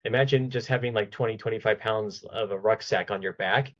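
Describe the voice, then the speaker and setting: A man with a fairly low voice tells a long anecdote as a podcast guest, animated and chatty. He often stumbles and restarts mid-sentence. The recording sounds somewhat dull and lo-fi. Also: fairly quick. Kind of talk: casual storytelling in an interview.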